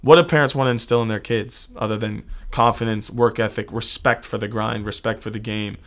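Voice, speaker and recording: An American man co-hosts a casual sports talk show, sounding earnest and reflective and often repeating words. His voice is lowish and steady, and he speaks a little fast.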